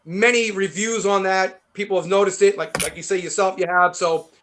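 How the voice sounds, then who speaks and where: Fast-talking New York man, high voice. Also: slight background noise. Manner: rambling, animated storytelling with many fillers. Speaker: guest guitarist. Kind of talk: casual interview chat.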